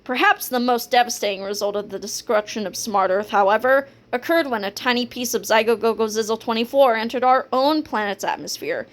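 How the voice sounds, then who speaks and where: A woman reads a children's chapter book aloud with playful, lively storytelling. Her voice sits slightly high. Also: a little fast, few pauses. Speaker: reader.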